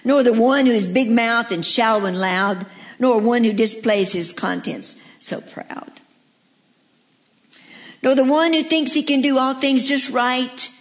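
Woman reading as a gentle, tender master. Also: fairly high pitch, voice pushed up. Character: gentle divine master choosing a broken vessel.

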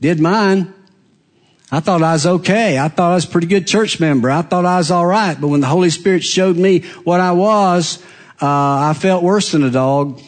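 Preacher, male, voice a touch high; dramatic delivery, drops to a hush, then builds up loud. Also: normal speed. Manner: dramatic preaching, swinging between hushed and loud. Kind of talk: sermon.

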